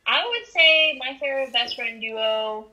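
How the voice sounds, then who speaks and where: A woman's voice: sits high, measured pace, pushed and bright, highs cut off. A woman co-hosting a casual podcast chat, playful and full of exclamations. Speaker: podcast co-host.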